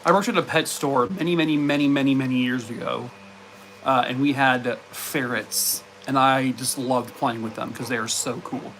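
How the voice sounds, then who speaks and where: A man's voice: mid-range voice, steady tone, normal speed, a bit bright, a little hiss or hum. A man on a casual live stream, rambling with lots of fillers and breaking off to talk to his dogs at home. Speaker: live streamer chatting with viewers.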